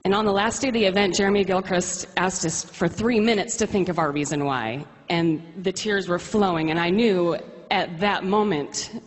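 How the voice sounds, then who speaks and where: A woman's voice: on the low side, moderate pace. A woman giving a heartfelt, tearful testimony to a convention audience. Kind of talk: emotional spoken testimony. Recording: hall reverb.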